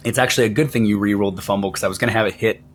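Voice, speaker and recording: A man acting as game master, narrating a tabletop role-playing game in an animated way. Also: on the low side, rapid-fire, slight background noise. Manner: animated, laughing, lively narration.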